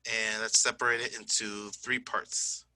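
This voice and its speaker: Man teaching a grammar lesson, bright tone. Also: fairly low pitch, flat delivery, measured pace, clear, resonant tone, no room sound, low-quality recording. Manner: explaining step by step, checks in with "okay?" and "right?"; self-correcting, says "my bad". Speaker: English teacher. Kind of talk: screen-recorded grammar lesson.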